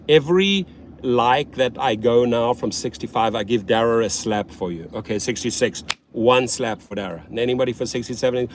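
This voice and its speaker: A man hosting a casual livestream as a rideshare driver, blunt and often profane, swinging between loud hype and low muttering. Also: moderate pace, a little hiss or hum.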